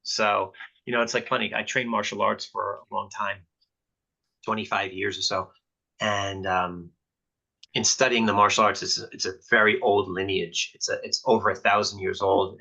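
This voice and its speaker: A man's voice: fairly low pitch, gravelly, sharp tone. A middle-aged man and chiropractor talks casually and candidly to a peer group, often acting out quoted conversations in a raised voice. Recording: dull lo-fi sound.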